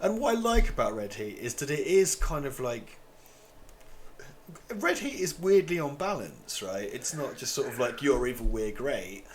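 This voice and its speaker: Rambling, laughing man with lively pitch. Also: normal speed, slight background noise. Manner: rambling, laughs a lot, swears. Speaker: co-host of a film watch-party stream. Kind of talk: casual chat.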